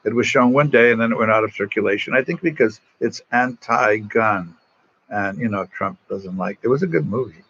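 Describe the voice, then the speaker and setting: Husky older priest telling rambling stories. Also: male voice, fairly low pitch, normal speed, dull audio. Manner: rambling, warm anecdotes with frequent restarts. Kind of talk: casual storytelling to an online audience.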